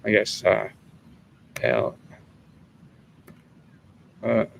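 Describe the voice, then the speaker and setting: A man in his 70s talks extremely slowly yet very animatedly, his lowish voice full of vocal fry against slight background noise. As host of a casual livestream, he rambles through viewers' questions about government money, laughing often and swearing freely.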